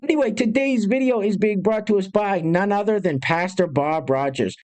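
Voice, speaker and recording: Host: a man, brisk and sarcastic, casual commentary to camera. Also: high voice, darkish tone. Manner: brisk, sarcastic, addresses viewers directly.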